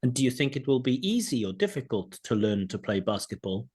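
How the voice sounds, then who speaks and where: A man's voice: mid-range voice, sing-song, a little fast, a little mellow, slightly rough. A middle-aged man, an IELTS examiner, explaining a candidate's mistakes in a recorded speaking test review. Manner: explanatory, breaks off to analyse replies. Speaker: IELTS examiner giving feedback.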